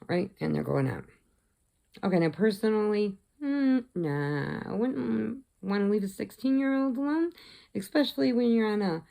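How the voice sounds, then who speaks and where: A woman's voice: mid-range voice, measured pace, creaky. A middle-aged woman vlogger casually retelling a movie plot, acting out the lines and sometimes dropping to a whisper. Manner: animated storyteller, acts out lines, drops to whispers.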